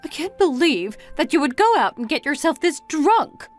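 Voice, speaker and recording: A woman's voice: high-pitched, sing-song, moderate pace. A woman voicing an exasperated middle-aged mother who scolds her grown son with one reproachful question after another, read as a texting-story voice-over.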